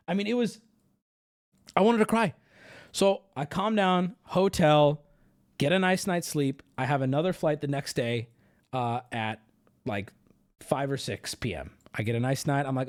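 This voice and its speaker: A man hosting a livestream, telling a rambling, profane travel story in clipped, animated fragments. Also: on the high side, a little slow, pauses often. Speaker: streamer host.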